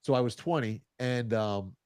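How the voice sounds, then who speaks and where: A man in his fifties casually telling a rambling, animated anecdote, often chuckling as he goes. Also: mid-range voice, moderate pace, clear, resonant tone, dry recording, studio quality. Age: 50s. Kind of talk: casual storytelling.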